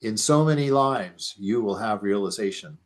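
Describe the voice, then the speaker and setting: A man voicing a calm old male spiritual teacher in a story, speaking in a gentle, declaiming way. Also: on the low side, moderate pace, natural voice. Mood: solemn.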